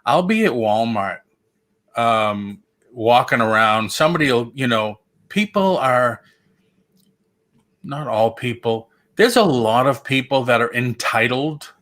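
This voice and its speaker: Bright-voiced man chatting casually. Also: medium pitch, expressive, slow pace. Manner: jokey, rambling, lots of restarts. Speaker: host. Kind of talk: casual livestream chat.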